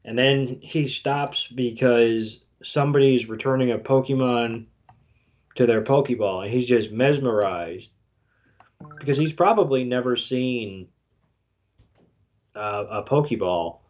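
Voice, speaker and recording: A man co-hosting a podcast, recapping a scene in a halting way with many fillers. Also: medium pitch. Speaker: podcast co-host. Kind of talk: casual recap commentary. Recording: dull lo-fi podcast audio.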